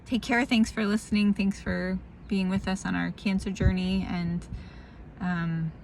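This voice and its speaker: Her medium-pitched voice is level, creaky, and a little mellow, and she takes her time. The tired vlogger speaks candidly in a casual diary about a hard family moment, rambling and laughing, over slight background noise.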